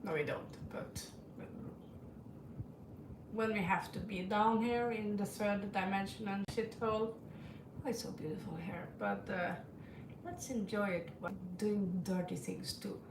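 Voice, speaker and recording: Woman, Norwegian accent, tarot reader, rambling casual stream talk, slow unhurried delivery, roomy echo, faint background noise. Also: mid-range voice, fairly even intonation. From Norway. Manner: rambling, chuckling, swears casually. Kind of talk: casual livestream chat. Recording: echoey room, distant from mic.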